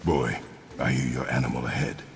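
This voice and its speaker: Kratos, a gruff, terse warrior father. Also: a bass voice, fairly even intonation, brisk. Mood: stern. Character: stern, brooding warrior father, middle-aged and massive. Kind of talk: video game cutscene acting. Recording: game audio with loud background noise.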